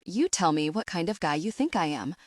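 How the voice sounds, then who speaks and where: Her voice is on the low side and expressive, running a little fast as she voices a rugged, protective young man for an audiobook. The delivery is earnest, firm, and direct, recorded at studio quality with no room sound.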